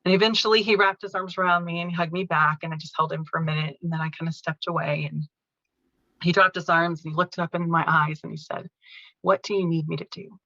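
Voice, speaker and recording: A woman telling a personal caregiving story in an interview, speaking earnestly and gently. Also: fairly low pitch, fairly even intonation, quick pace, dry recording, dull audio. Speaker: podcast guest, caregiving author.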